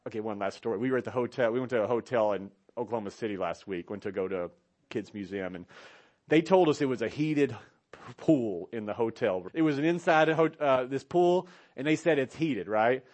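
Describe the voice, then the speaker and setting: Animated storytelling preacher, man. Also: medium pitch, a little fast. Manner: animated storytelling with a pulpit cadence, asking "right?" often. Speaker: pastor. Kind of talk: sermon.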